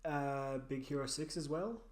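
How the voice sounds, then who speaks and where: A man's voice: fairly high pitch, crowd noise. A man co-hosting a podcast, chatting casually and often agreeing. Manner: agreeable, quick affirmations. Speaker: podcast co-host. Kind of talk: casual chat.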